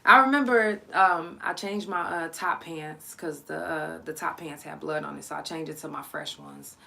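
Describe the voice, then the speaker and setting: A woman from Oklahoma hosting a live storytime podcast, telling her story in a loose, profane, halting way with many fillers. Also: deep voice, creaky. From Oklahoma, USA. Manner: sharp, irritated scolding at callers. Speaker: podcast host.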